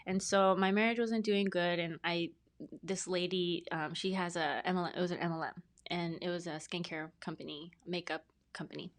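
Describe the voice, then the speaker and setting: Earnest, rambling woman with a lowish voice. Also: fairly even intonation, normal speed. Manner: earnest, rambling, many fillers and restarts. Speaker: podcast guest, brand specialist. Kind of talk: casual interview storytelling.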